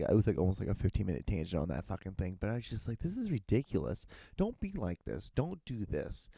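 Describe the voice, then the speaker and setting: A man's voice: low voice, dark tone, dry recording. A young man hosting a solo podcast, rambling with frequent restarts and casual swearing. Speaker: podcast host.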